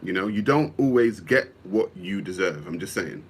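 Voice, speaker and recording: A man's voice: lowish voice, big pitch swings, normal speed, husky. A man, hosting a livestream and reading viewer comments aloud in a casual, musing way, often repeating himself.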